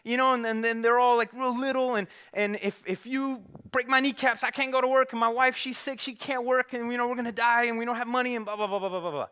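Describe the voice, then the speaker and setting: A desperate male gambler stammers out his pleas in a high, bright voice, acted by a man preaching. He repeats himself and begs, scared of what comes next. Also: steady tone, rapid-fire, hardly any pauses, clean tone. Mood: desperate pleading. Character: panicked broke male gambler pleading for mercy.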